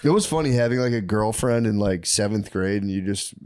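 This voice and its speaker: A man in his thirties, co-hosting a podcast, rambling through stories with halting restarts. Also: fairly low pitch, a little mellow, smooth. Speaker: podcast co-host. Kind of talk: casual chat.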